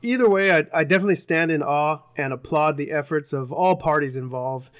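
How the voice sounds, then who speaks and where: A man talks earnestly on a podcast, dropping "dude" and "man" as he goes. His voice is slightly high. The sound is dry and close. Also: a little fast, few pauses, fairly bright tone, no room sound. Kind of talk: casual chat.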